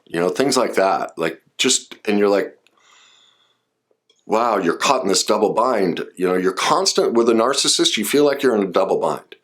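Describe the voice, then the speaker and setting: A man's voice: fairly low pitch, expressive, moderate pace, a bit bright. A man explaining relationship warning signs in a casual, personal way, full of asides and restarts. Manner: conversational, personal asides, frequent fillers and restarts. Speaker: relationship and trauma speaker. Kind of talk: casual explanatory talk to camera.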